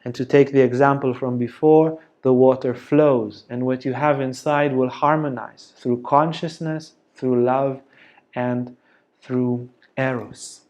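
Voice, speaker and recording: A man giving a spoken teaching talk, slow and deliberate, often checking in with a soft "yeah?". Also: medium pitch, steady tone, highs cut off. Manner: slow, deliberate, gentle delivery with frequent "yeah?". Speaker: yoga teacher.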